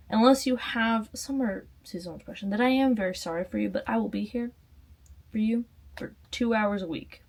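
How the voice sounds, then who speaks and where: A woman's voice: medium pitch, fairly quick. Woman, casual vlog outro, playful, self-deprecating, rambling. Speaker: vlogger.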